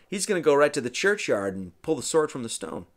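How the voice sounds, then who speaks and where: A man's voice: a little high, sing-song, a little fast. A man giving a casual, rambling film commentary, full of "you know" and "right?".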